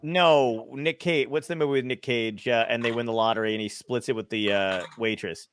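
A man's voice: medium pitch, brisk, clear, resonant tone, dry recording. A man co-hosting a podcast in casual chat, swearing freely and laughing often, talking from home over a video call. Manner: profane, animated, laughing often. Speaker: podcast co-host.

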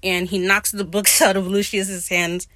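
A woman hosting a podcast, talking in a casual, slangy and profane way, opinionated and animated as she recaps. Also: medium pitch, measured pace, dry recording. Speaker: podcast host recapping a TV episode. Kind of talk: casual chat.

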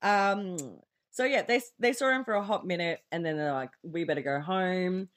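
With a fairly low voice at a moderate pace, a woman co-hosting a podcast recaps a horror film in a relaxed, joking way. She reads from notes as she tells the story and laughs often.

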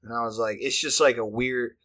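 A man's voice: medium pitch, steady tone, fairly quick, fairly bright tone. A man, telling a profane, rambling story in casual chat. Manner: profane, rambling, filler-heavy delivery.

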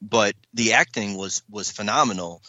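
A man co-hosting a casual podcast, talking in a halting way with many restarts. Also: lowish voice, sharp tone, no echo, muffled recording. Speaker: podcast co-host. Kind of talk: casual chat.

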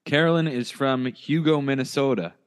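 A man's voice: medium pitch, normal speed, smooth. A man hosting a casual podcast chat, playful and bantering with his co-host.

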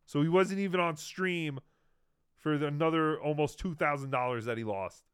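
Male podcast host, fairly high, smooth voice, dry close sound, mocking asides. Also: moderate pace, no room sound. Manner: wry, mocking. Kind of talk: sarcastic commentary on a stream clip.

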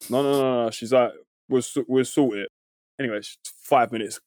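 Animated man, thirties, dry close sound. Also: medium pitch, a little fast, dry recording. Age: 30s. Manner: animated, swears freely, acts out quoted voices. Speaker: podcast co-host. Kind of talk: casual storytelling chat.

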